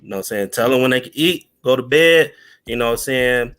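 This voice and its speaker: A man's voice: medium pitch, expressive, quick pace, fairly bright tone, clear, resonant tone, faint music behind. A man on a podcast panel giving earnest, slangy opinions in casual chat.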